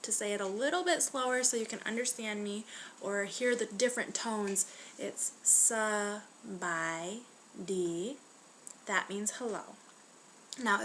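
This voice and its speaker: A woman's voice: fairly high pitch, a bit bright, slight background noise. Chatty young woman teaching basic phrases. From United States. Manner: friendly, chatty, slows down to sound out words. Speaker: language teacher. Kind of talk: casual vlog-style language lesson.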